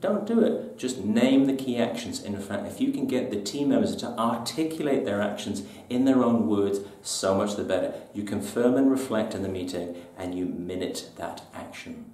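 A man's voice: lowish voice, lively intonation, normal speed, hardly any pauses, mellow. Emphatic man presenting tips, roomy sound. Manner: emphatic, punchy, colloquial. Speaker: business trainer. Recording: echoey room, mic at a distance.

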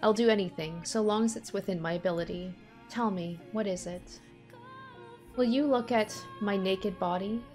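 A woman's voice: medium pitch, moderate pace, darkish tone, faint music behind, natural voice. A woman reading the part of a blunt, demanding young woman from a visual novel, delivering her lines in a pointed, questioning way. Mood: hesitant.

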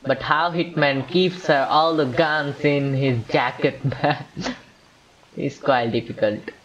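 A man's voice: fairly high pitch, fairly even intonation, slow, fairly bright tone. A man gives casual commentary on a video game he is playing, rambling and talking to himself and to the characters on screen. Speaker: gameplay commentator. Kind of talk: casual let's-play commentary.

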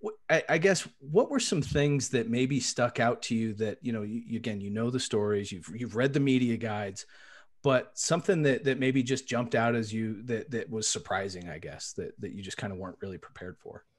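A man's voice: mid-range voice, moderate pace. A man hosting a podcast, asking the guest long, wandering questions while he searches for the right words. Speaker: podcast host. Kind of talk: casual interview questions.

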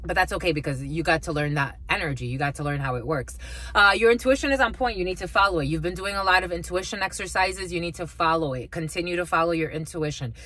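A woman's voice: fairly low pitch, fast talker, a bit bright. Blunt, profane woman giving a psychic reading. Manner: blunt and profane, calls viewers "my lovies"; rambling, with frequent restarts. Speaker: spiritual reader. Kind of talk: off-the-cuff psychic reading to viewers.

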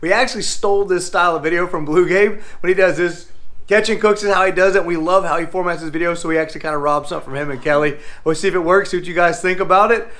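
A man's voice: sits high, fairly even intonation, fast, a bit bright. A middle-aged man, hosting a cooking vlog in a home kitchen and talking straight to viewers in a folksy, upbeat way. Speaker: fishing channel host. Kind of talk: casual cooking vlog talk.

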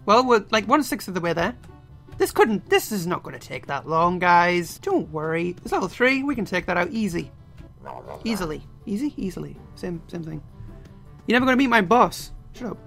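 Goofy young man yelling over a game. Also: high-pitched, very animated, moderate pace. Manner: goofy, self-mocking, bursts into yells. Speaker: let's play gamer. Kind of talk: game commentary. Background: game music.

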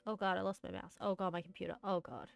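A woman's voice: fairly low pitch, little pitch movement, quick pace, gravelly, smooth, no echo. A woman hosting a livestream, chatting casually and giggling while she plays with friends and apologizes often. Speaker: streamer and host.

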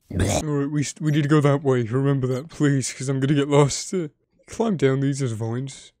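A young man giving casual gameplay commentary, excitable and swearing often, chatting to his in-game animals. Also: medium pitch, a little slow, dry recording. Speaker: gaming video creator. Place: home editing room.

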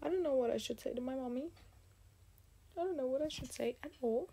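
Woman vlogger freaking out dramatically, whispers a lot, kinda high voice. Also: a little fast, creaky, warm tone, slightly rough. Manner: dramatic, exclaiming, drops to whispers. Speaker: YouTuber. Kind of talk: scripted storytime vlog.

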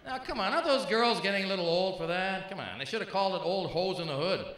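A man's voice: high voice, lively intonation, quick pace, noisy background. A middle-aged man doing brash, punchy stand-up comedy on a club stage, bantering with the crowd. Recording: echoey live room with faint ambience.

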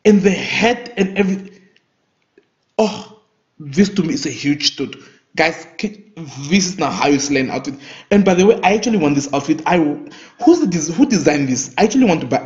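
Guy ranting about red carpet looks, kinda high voice, lively, dull lo-fi sound. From Namibia. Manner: opinionated, animated, with big pitch swings. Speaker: fashion vlogger. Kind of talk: casual fashion commentary. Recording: dull lo-fi recording.

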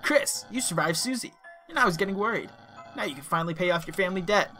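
Man putting on a pompous fussy librarian monster, game voice, pitched up. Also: lively intonation, quick pace, bright, forceful tone, faint music behind.

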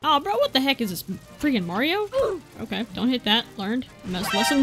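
With music in the background, this gamer rattles off fairly quick, sing-song remarks in a fairly high voice. She's exasperated, swears casually, and answers back to whoever is on screen.

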